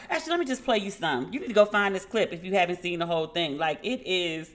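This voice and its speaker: A woman's voice: lowish voice, fast. A woman podcast host chatting casually and frankly, swearing now and then and acting out the dialogue in her stories. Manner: animated storyteller who acts out dialogue.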